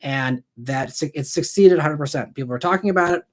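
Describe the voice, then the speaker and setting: A young adult man hosting a live car chat, reading and answering viewer questions in a relaxed, rambling way full of ums and restarts. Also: on the high side, a little fast. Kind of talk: casual live-stream chat.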